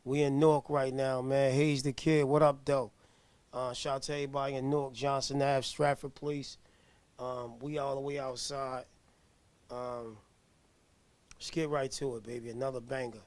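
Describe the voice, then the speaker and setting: A man's voice: medium pitch, level tone, moderate pace, no echo. Hyped man hosting a music review. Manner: hyped, slangy, gives shout-outs. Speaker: host of a music review show. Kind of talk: live music review chat.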